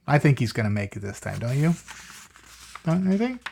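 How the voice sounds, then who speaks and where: Brief: lively picture-book reader, very expressive pitch, chats and asks the child questions. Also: moderate pace, gravelly, slightly rough. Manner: chatty asides and questions to the listener. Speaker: storyteller reading to a child. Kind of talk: reading a picture book aloud.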